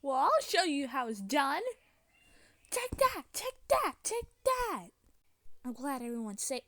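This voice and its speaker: A tender-hearted young mermaid , voiced by a woman speaks in a fan-made story with a slightly raised, slow drawl. She leans on y'all and sounds soft and sincere. The recording is dry and close. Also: on the high side, dry recording. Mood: brave.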